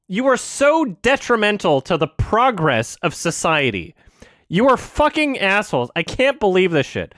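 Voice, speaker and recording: A man's voice: high voice, huge pitch swings, moderate pace, a bit bright, dry recording, clean studio sound. A man from Canada, ranting on a livestream in a heated, profane, emphatic way. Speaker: streamer. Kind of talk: angry livestream rant.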